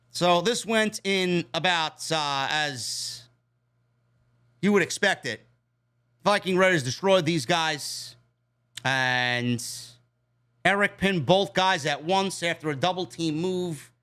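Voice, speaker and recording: A man's voice: a little high, slow pace, sharp tone, clean tone. A man reviewing a wrestling show in a blunt, profane, exasperated rant.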